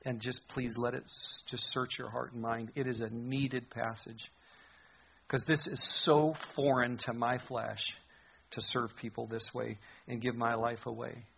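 A man's voice: mid-range voice, flat delivery, unhurried, vocal fry, dull audio, a little hiss or hum. A man preaching a sermon as a pastor, earnest and conversational in his delivery.

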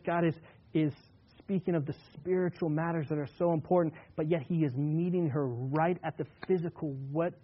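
A male pastor preaching a sermon in a relaxed, conversational way, slowing down to read scripture aloud with emphasis. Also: a little high, phone-quality sound.

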